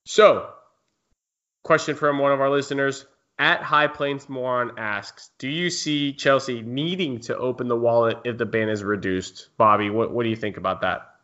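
A man's voice: medium pitch, steady tone, normal speed, pushed and bright, highs cut off. A man hosting a casual sports podcast, chatting and reading listener questions. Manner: conversational, reads listener questions. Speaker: podcast host.

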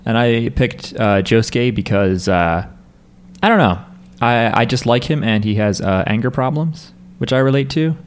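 A man's voice: medium pitch, normal speed, clear, resonant tone. Rambling casual man hosting a podcast. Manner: rambling, many fillers and restarts. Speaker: podcast host. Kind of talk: casual chat.

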